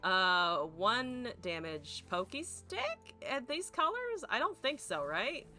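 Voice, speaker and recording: A woman's voice: high-pitched, huge pitch swings, slow, sharp tone. A woman streamer thinking aloud through a card game, swearing freely and chatting to her viewers. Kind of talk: live gameplay commentary.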